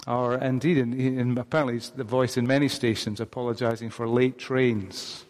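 A man's voice: medium pitch, little pitch movement, moderate pace, darkish tone. A man preaching a sermon in a church, talking conversationally and putting questions to the congregation. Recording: long reverb of a large hall.

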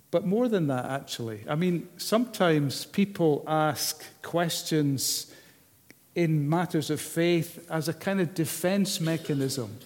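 A man preaching a sermon, measured and unhurried, often asking the listeners rhetorical questions. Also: on the high side, expressive, a little mellow. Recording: long hall reverb.

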